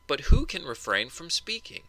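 A man's voice: fairly high pitch, sing-song, moderate pace, sharp tone, no echo. A man giving a wry, conversational Bible teaching, paraphrasing the text with dry humor.

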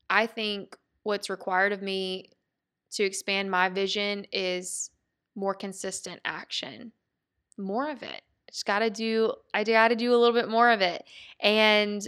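A woman's voice: medium pitch, a bit bright, clear, resonant tone. A woman hosting a podcast, talking in an earnest, heartfelt way and thinking aloud with restarts. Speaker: podcast host. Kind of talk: reflective motivational monologue.

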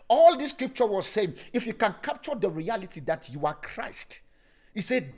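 A male pastor preaches with a strikingly high, lively voice that swings up and down in sing-song phrases. He stresses points emphatically, then slows and softens them almost to a hush. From Africa. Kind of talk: sermon.

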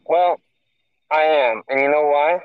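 A man's voice: fairly high pitch, unhurried, clean tone, no room sound, narrow, tinny audio. A young man co-hosting a podcast in casual chat, firing back teasing, matter-of-fact comebacks. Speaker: podcast co-host.

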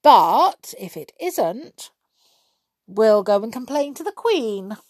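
A woman's voice: on the high side, big pitch swings, takes it slowly, no room sound, heavily acted. A woman voicing a bold, impatient little water sprite.

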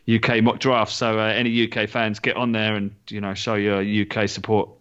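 Male podcast co-host, casual and halting, stumbles over words, dull lo-fi sound. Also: fairly low pitch, little pitch movement, a bit bright, clear, resonant tone. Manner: halting, repeats words, good-humoured. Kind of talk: casual chat. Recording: muffled lo-fi audio.

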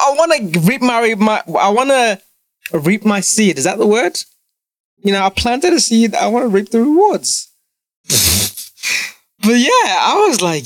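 A man's voice: high voice, very animated, a little slow, long pauses, dry recording. A young man talking casually to his viewers, blunt and profane, ranting with many restarts. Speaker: vlogger. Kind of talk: casual monologue to camera.

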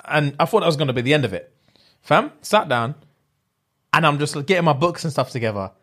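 A man's voice: a little high, fairly quick. A young man telling a story in casual chat, acting out the voices of the people in it and using slang. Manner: animated, acts out voices in his stories, London slang.

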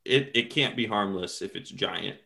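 A man's voice: fairly low pitch, normal speed, gravelly, pushed and bright. A man co-hosting a casual podcast, joking and teasing the others as he steers the talk. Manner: joking, teasing, leads topics. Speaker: podcast co-host. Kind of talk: casual chat.

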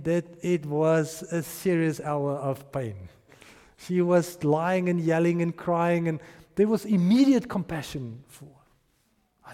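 A man's voice: a little high, mellow, long reverb tail. A man preaching a sermon and acting out the people in his stories. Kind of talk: sermon with storytelling.

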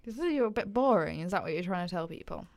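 A woman's voice: on the low side, animated, fast, a little mellow. A young woman hosting a casual podcast, chatty and teasing with her guest. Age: young adult. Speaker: podcast host.

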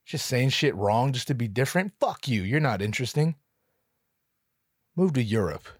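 A man riffing in a rambling comedic monologue at home, profane and often interrupting himself as he works through his thoughts out loud. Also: mid-range voice, expressive, normal speed, no room sound, studio quality. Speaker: solo commentator.

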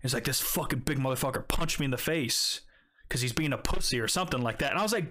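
A man's voice: fairly high pitch, fast talker, bright, forceful tone. A young man casually telling a story, swearing often and rambling with many fillers. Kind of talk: casual chat.

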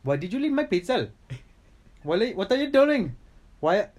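A man's voice: high-pitched, sing-song, moderate pace, a little mellow, voice pushed up. A man putting on an Indian English accent, playing a strict, indignant man who keeps demanding answers. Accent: Indian English, put on. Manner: scolding, demanding answers, repeats himself.

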